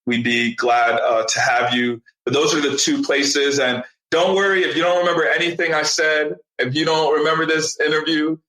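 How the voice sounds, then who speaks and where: A man's voice: a little high, moderate pace, hardly any pauses, echoey room, poor audio. A young man, a podcast guest, telling stories in a casual interview and acting out what people said. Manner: animated storyteller, acts out quotes. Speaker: podcast guest, digital marketing strategist.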